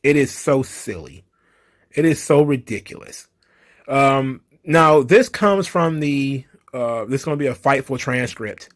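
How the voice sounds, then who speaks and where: A man hosting a wrestling commentary podcast, talking casually with frequent swearing and laughter. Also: medium pitch. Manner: animated, profane, laughs often. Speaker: podcast host.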